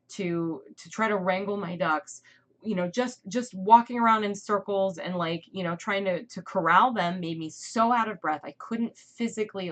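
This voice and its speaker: A woman's voice: lowish voice, a bit bright. A woman hosting her own livestream, chatting candidly and rambling with frequent ums and side notes. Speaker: channel host. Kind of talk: casual livestream chat.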